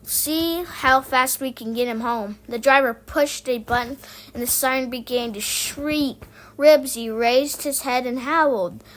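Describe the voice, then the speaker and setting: A woman reading a children's book aloud, lively and voicing the sound effects. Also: on the high side, slight background noise, low-quality recording. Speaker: reader.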